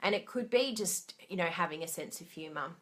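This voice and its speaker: A woman's voice: lowish voice, animated, fairly quick, a bit bright. A woman giving a casual motivational talk to camera, chatty and encouraging, laughing at herself and asking her listeners questions. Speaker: trainer for craft product demonstrators.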